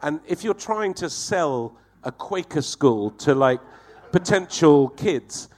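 A man telling a profane, animated comic anecdote as a guest on a talk show, acting out the voices in his story. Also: fairly high pitch, takes it slowly.

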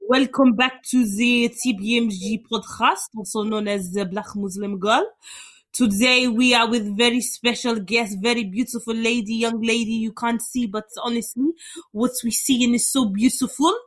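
A woman's voice: fairly high pitch, fairly even intonation, moderate pace. A young woman hosting a casual podcast chat, bubbly and teasing. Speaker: podcast host.

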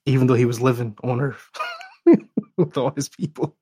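A man with a medium-pitched voice co-hosts a casual movie podcast. He answers in short, laid-back, teasing remarks, and his voice sounds dry and close to the mic. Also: moderate pace, mellow, breathy edge, no room sound. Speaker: podcast co-host.

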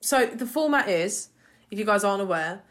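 A woman co-hosting a podcast, chatting in an animated way and often repeating words. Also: mid-range voice, moderate pace. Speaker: podcast co-host. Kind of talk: casual chat.

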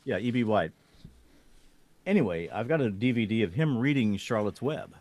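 A man's voice: on the low side, lively intonation, moderate pace, darkish tone, dry recording. A man co-hosting a podcast in casual chat, tender-hearted and easily moved. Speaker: podcast co-host.

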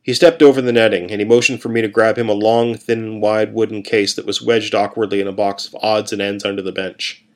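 Man calmly narrating a story. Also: fairly low pitch, brisk. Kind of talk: first-person story reading.

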